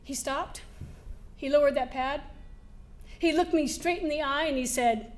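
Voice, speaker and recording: A woman giving a keynote speech to a live audience, telling lively personal stories, laughing now and then and acting out the scenes. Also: sits high, measured pace, pauses often. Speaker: motivational speaker. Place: event hall before a live audience.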